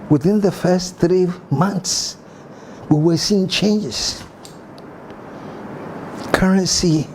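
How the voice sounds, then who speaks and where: A man with a Ghanaian English accent hosting a political commentary show, emphatic and animated with mocking asides. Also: fairly high pitch, a little hiss or hum.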